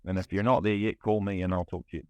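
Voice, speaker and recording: Low-voiced New man, candid. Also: steady tone, fast talker, warm tone, no room sound. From New Zealand. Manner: candid, restless, heavy on fillers and restarts. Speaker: guest, music producer. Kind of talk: casual podcast conversation.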